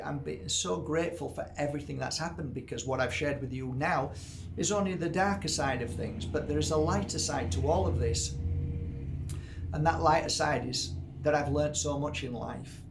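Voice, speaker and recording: A man's voice: medium pitch, a little hiss or hum. A man in his fifties, an energy healer, talking earnestly and from the heart straight to his viewers in a candid monologue. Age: 50s.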